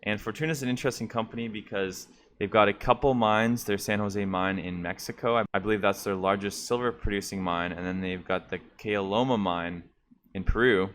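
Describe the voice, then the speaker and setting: A man's voice: fairly low pitch, steady tone, brisk, fairly bright tone, slight background noise. A man hosting an investing channel, giving casual stock market commentary in a conversational way, calling viewers "guys". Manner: conversational, addresses viewers as guys, frequent fillers.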